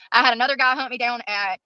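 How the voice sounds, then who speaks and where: A woman's voice: a little high, sharp tone, no room sound. A woman vlogging from her car, talking in an aggrieved, complaining way. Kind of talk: vlog monologue. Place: car in a gas station parking lot. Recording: dull lo-fi clip audio.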